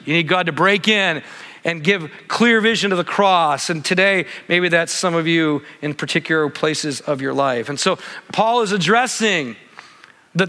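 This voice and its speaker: Male pastor, high bright voice, conversational sermon with animated emphasis, reverberant church hall. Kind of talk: expository sermon.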